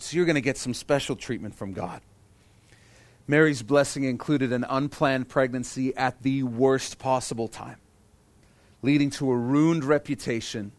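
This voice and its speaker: A man's voice: mid-range voice, dry recording. A man preaching a sermon as pastor, earnest and repeating key phrases for emphasis.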